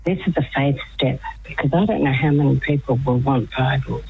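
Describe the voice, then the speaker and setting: Low husky woman on a phone line. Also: fairly quick. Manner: earnest, laughs often. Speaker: radio guest. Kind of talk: casual radio chat by phone.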